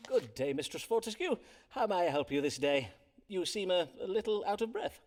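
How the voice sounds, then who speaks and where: An actor voicing a courteous Elizabethan astrologer and physician who speaks in polite, archaic phrasing, in a video game. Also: male voice, high-pitched, very animated, normal speed, darkish tone, slight background noise. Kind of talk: game voice acting.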